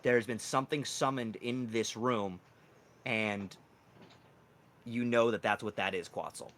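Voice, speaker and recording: A man's voice: fairly low pitch, unhurried, a bit bright, a little hiss or hum. A man narrating as dungeon master of a tabletop game, laughing often and slipping into character voices.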